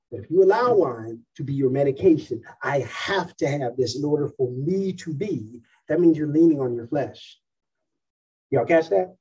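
A man's voice: a little high, dark tone, husky. A man preaching a sermon in a conversational way, often checking that his listeners follow. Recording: dull distant mic in a room.

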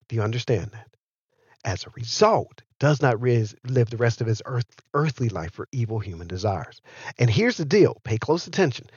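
Man, pastor, sermon, lively pitch, husky, dry slightly dull recording. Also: no echo. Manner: animated preaching, asks the listeners questions.

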